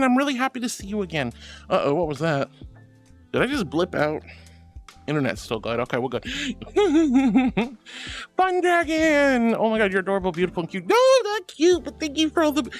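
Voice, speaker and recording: A young woman streaming casually, reading chat aloud and calling viewers sweetie and darling, with frequent giggles in her talk. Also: high-pitched.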